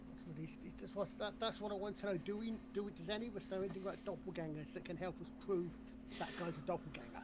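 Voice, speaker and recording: A man's voice: sits high, fairly even intonation, rapid-fire, very noisy. A man playing in a tabletop game, asking eager questions and tripping over his words. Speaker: player. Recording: tavern music under voice chat. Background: tavern music.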